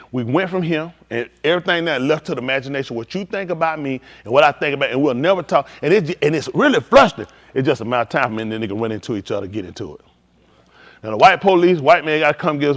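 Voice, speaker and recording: A man preaching in a casual, conversational style, swinging from quiet to loud and acting out conversations. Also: a little high. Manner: animated, shifting between quiet and loud, acts out dialogue. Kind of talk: livestreamed sermon.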